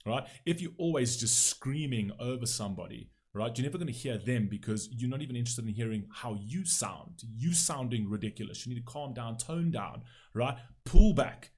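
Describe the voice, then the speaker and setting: A man's voice: medium pitch, animated, fairly quick, darkish tone, breathy edge. Blunt, opinionated male reaction host. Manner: emphatic, blunt, swears freely, frequent "right?" tags.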